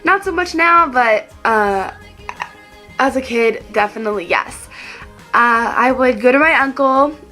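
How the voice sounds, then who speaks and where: A woman's voice: a little high, expressive, measured pace, bright, forceful tone, soft background music. A teenage girl from Texas chatting to the camera, telling childhood stories in a chatty, giggly way and acting out what she said as a kid. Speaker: vlogger. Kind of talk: casual storytelling to camera.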